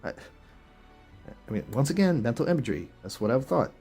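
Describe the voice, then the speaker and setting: Over soft background music, a man hosting a video reads verses in a husky, dark, sing-song voice of medium pitch, moving briskly. He comments casually, chuckling and firing off disbelieving rhetorical questions.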